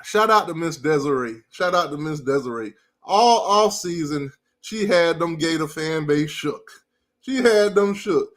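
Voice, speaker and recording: Brash high-voiced man ranting about football. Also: lively intonation, unhurried, a bit bright. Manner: brash trash-talking, repeats his jabs. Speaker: college football fan commentator. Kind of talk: ranting sports commentary.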